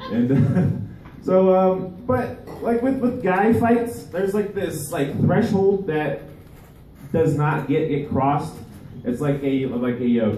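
A male stand-up comedian performing a live set, rambling and halting, with many restarts. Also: fairly high pitch, dark tone, slight background noise. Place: live comedy venue with audience. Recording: echoey room, voice far from mic.

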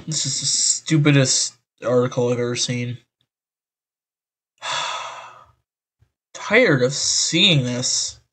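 A man's voice: medium pitch, slow pace, pauses often, bright, forceful tone, slightly rough. A man reading an article aloud and reacting with exasperated, rambling commentary through a voice changer, sighing often. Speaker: online commentator.

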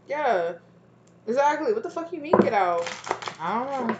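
A woman doing a casual tarot reading, animated and profane, with frequent laughter and quoted asides. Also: a little high, fast talker, lo-fi sound, heavy background noise. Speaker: tarot reader.

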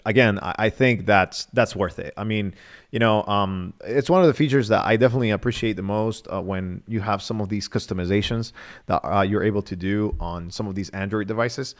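A man from Nicaragua hosting a live-stream phone review, talking casually with many fillers and restarts. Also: fairly low pitch. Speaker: livestream host reviewing a phone.

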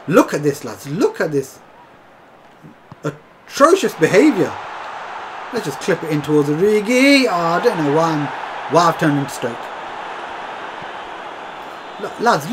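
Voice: medium pitch, fairly bright tone, a little hiss or hum. A gaming commentator talking through a football video game match, exasperated and swearing often, calling the viewers lads. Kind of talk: live gameplay commentary.

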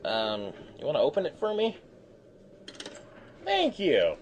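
A man's voice: medium pitch, huge pitch swings, measured pace, pauses often, slight background noise. A man giving let's play commentary, swearing and complaining with jumpy outbursts. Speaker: gamer.

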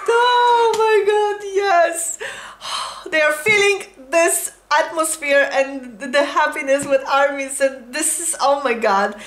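A woman's voice: sits high, measured pace, a bit bright. A young woman hosting a fan reaction video, gushing and exclaiming with frequent laughter. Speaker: reaction channel host. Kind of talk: excited fan reaction commentary. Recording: echoey room with faint music.

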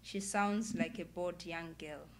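A woman author reads from her own novel at an indoor public event. She sets each phrase down in a measured, deliberate way, her voice low in pitch. A faint room ambience sits behind her. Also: fairly even intonation, slight background noise. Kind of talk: literary reading.

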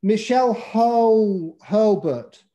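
A man with an English accent, a pitch coach teaching a webinar over a video call in a playful way, calling on participants by name. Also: animated, slow, mellow, lo-fi sound. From England.

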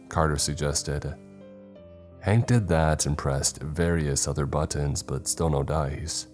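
Very deep-voiced male horror narrator. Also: darkish tone. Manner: measured, dramatic. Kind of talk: first-person horror narration. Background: faint background music.

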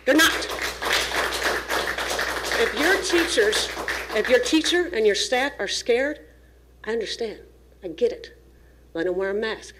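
A woman's voice: on the high side, lively intonation, normal speed, long pauses, a bit bright, slight background noise. A woman giving an emotional, pleading public comment at a school district meeting, nervous and shaking as she speaks into a podium microphone. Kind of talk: impassioned public comment speech.

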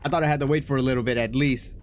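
A man streaming a horror game, joking, excitable and laughing often. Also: medium pitch, quick pace, slight background noise. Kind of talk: horror game let's play commentary.

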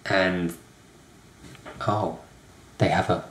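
A young man hosting a comedic rant video, talking with sarcastic, deadpan asides. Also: low voice, very slow, a little hiss or hum. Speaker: YouTube host. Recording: roomy echo.

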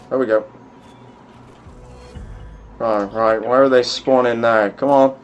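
A man's voice: mid-range voice, steady tone, takes it slowly, long pauses, soft background music. A young man giving gameplay commentary, muttering to himself and swearing at the game. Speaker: gaming YouTuber.

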